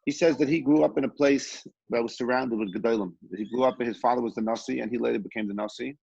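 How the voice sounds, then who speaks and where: A man teaching a Torah class and telling stories in an unhurried, halting way, with many pauses and restarts. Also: mid-range voice, steady tone, creaky, darkish tone, slightly rough, no echo. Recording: dull, lo-fi, dry sound.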